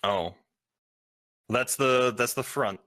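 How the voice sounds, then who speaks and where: Slow, halting game master, man. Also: mid-range voice, bright, forceful tone, dry recording. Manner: halting, filled with ums and uhs. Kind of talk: narrating a tabletop game.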